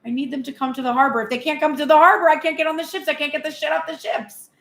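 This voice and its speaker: Higher-voiced woman giving a casual tarot reading. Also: very fast, roomy sound. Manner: frank and animated, swears casually. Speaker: tarot reader.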